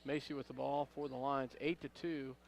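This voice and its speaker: A man announcing a high school basketball game play-by-play, calling passes quickly and rising on big plays. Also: level tone, gravelly, slight background noise. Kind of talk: local radio basketball commentary.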